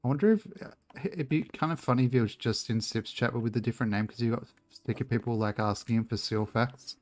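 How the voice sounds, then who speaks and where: Streamer guy rambling and cracking jokes, swears a lot, quiet game music in the back. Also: mid-range voice, fast talker. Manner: joking, rambling, swears freely. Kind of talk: casual chat while gaming.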